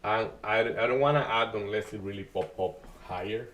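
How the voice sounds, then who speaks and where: A man hosting a live day-trading stream, talking through market moves in a halting way with many restarts and uneven grammar. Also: on the low side, fairly bright tone, distant mic. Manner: halting, restarts often, non-native grammar.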